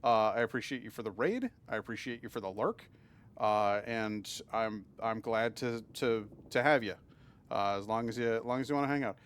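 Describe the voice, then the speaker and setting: A fairly low-pitched male voice at normal speed, with slight background noise. The speaker, from Massachusetts, chats casually during a gaming live stream, reading and answering his viewers while often stammering and restarting sentences.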